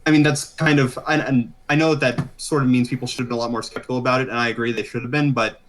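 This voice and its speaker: A man's voice: mid-range voice, flat delivery. A man debating over a voice call who hedges, concedes points and talks in a jittery rush. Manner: fast, hedging, conciliatory. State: jittery from energy drinks. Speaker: debate guest.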